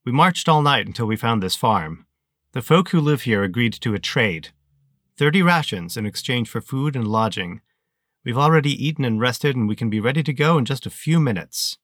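A man voicing a female lieutenant who reports to her superior in a respectful, brisk military manner. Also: medium pitch, lively intonation, fairly bright tone, dry recording, clean studio sound, close to an everyday voice. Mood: dutiful. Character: dutiful young female soldier, a lieutenant.

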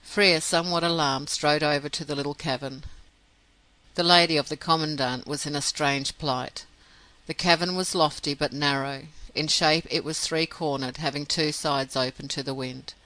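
A man narrating an audiobook in a steady, measured reading. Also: a little high, dry recording, poor audio. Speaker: audiobook reader.

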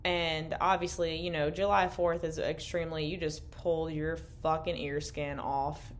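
Young woman, podcast co-host, lowish voice, candid rambling chat, swears freely, slightly worn voice. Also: level tone, moderate pace. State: losing her voice. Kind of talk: casual late-night chat. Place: indoor room, in person.

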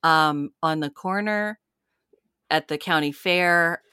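A woman's voice: sits low, takes it slowly, sharp tone, clear, resonant tone, no echo, clean studio sound. A woman co-hosting a podcast, chatting casually and sarcastically, laughing often as she recaps a show. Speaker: podcast co-host.

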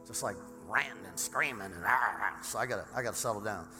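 A man preaching a sermon as pastor, hoarse from having lost his voice, with energetic delivery that climbs toward shouting. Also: lowish voice, fast. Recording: large hall reverb with faint music.

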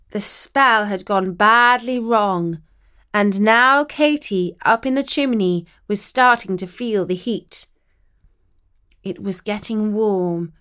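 A woman reading a children's story aloud in a slow, expressive way. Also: medium pitch, clean tone.

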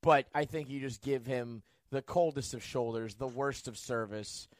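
A man's voice: medium pitch, moderate pace, no room sound. A man co-hosting a podcast who riffs playfully and sarcastically in casual chat. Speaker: podcast co-host.

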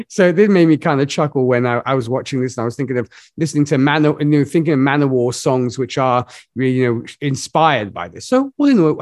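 A man hosting a casual film discussion, chatty and quick to laugh, with hesitant restarts. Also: on the high side, dry recording, studio quality. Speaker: podcast host.

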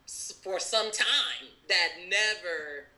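A woman's voice: lowish voice, animated, takes it slowly, sharp tone, rough recording. A young woman hosting a podcast in a casual chat, enthusiastic and affirming, laughing often. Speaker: podcast host.

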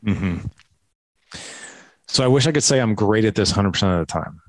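A man guest on a podcast, telling parenting stories in an animated way and acting out talks with his kids, with a lot of "like" and "right?". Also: on the low side, normal speed, dry recording. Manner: animated storytelling, acts out dialogue with his kids; filler-heavy, frequent "like" and "right?". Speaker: podcast guest, dad coach. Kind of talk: conversational interview.

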